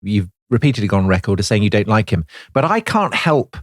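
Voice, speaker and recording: A man's voice: fairly low pitch, sing-song, fairly quick, no echo, studio quality. Theatrical male podcast host. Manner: theatrical, teasing. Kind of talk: conversational history podcast.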